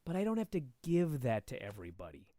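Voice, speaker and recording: A man talking as a guest and instructor, telling a story in a casual, animated way and swearing freely. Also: mid-range voice, fast talker, dry recording, clean studio sound. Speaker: podcast guest, martial arts instructor.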